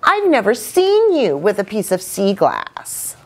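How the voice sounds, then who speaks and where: A woman voicing a stubborn, defensive young fish in a children's storybook reading, high and insistent. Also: wildly swooping pitch, measured pace, full character voice.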